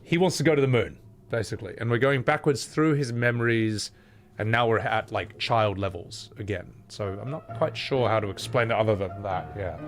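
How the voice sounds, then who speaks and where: A man's voice: on the low side, normal speed, faint music behind. A man streaming a game, rambling and self-deprecating in casual commentary. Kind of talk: casual gameplay commentary with voice acting.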